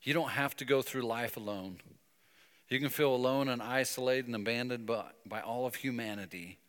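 A man preaching a sermon, telling a story and breaking into emphatic, animated bursts. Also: medium pitch, normal speed, big-room sound. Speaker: pastor.

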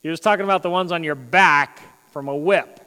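High-voiced preacher in a reverberant hall. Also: male voice, fairly quick, clean tone. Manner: animated preaching, swings between loud emphasis and quiet asides. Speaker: pastor. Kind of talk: sermon. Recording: long reverb of a large hall.

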